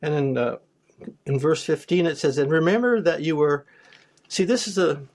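A man's voice: fairly high pitch, normal speed, darkish tone. Man reading and explaining scripture. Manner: reads scripture aloud, then explains it plainly, with restarts. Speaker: preacher. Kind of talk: Bible study teaching.

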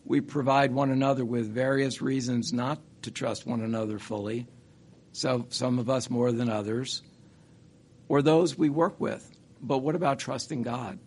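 A man's voice: mid-range voice, fairly even intonation, darkish tone, husky. Earnest man giving a sermon. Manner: earnest, halting with restarts and rhetorical questions. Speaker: church speaker.

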